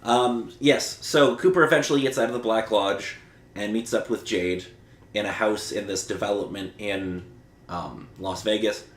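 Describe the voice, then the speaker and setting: A man's voice: fairly low pitch, moderate pace. A man hosting a podcast in casual chat, recapping the plot with lots of fillers and the odd blunt swear. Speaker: podcast host. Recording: roomy echo.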